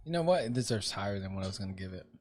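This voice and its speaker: A man's voice: fairly low pitch, lively intonation, very fast, faint music behind. Joking, profane young podcast guy. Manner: loud, joking, profane, drops into put-on voices. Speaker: podcast co-host. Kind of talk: casual chat.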